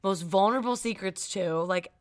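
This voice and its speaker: A young woman co-hosting a podcast tells a story in casual chat, animated and often laughing. Her voice is medium-pitched and her speed normal.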